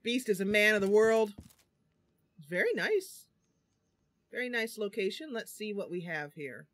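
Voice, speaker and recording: A woman's voice: mid-range voice, fairly quick, no echo. A woman livestreaming a role-playing game, chatting casually and laughing often as she reads the dialogue. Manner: giggly, chatty, frequent laughs. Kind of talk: casual gameplay livestream with read-aloud dialogue.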